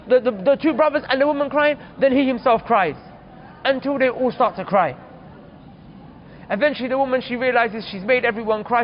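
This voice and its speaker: Man, preacher, earnest storytelling sermon, very high voice, muffled lo-fi recording. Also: slight background noise. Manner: earnest, addresses listeners as brothers.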